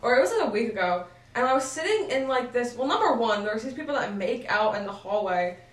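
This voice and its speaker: A teenage girl with a slightly high voice tells a rambling story, full of likes, restarts and giggles. She sits a little back from the mic in a roomy, echoey space. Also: very animated, fairly quick, recorded from a distance. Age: teens. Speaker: podcast co-host. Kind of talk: casual chat between siblings. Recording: echoey room, a bit off-mic.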